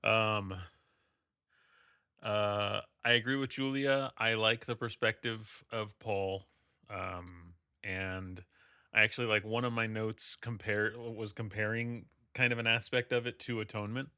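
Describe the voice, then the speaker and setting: A man hosting a casual book club chat, hesitant and soft-spoken, with frequent fillers. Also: on the low side, fairly even intonation, unhurried, clean tone, dry recording, clean studio sound.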